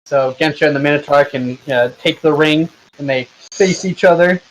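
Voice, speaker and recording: A man running a tabletop game as game master, narrating casually with halting restarts over a voice call. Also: a little high, a little hiss or hum, rough recording. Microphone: headset or desk mic on a voice call.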